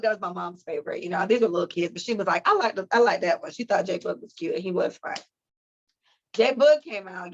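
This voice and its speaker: Woman ranting on a podcast, cussing a lot, lively and loud, kinda dull lo-fi sound. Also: mid-range voice. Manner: profane, animated storytelling with quoted voices. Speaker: podcast co-host. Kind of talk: casual chat.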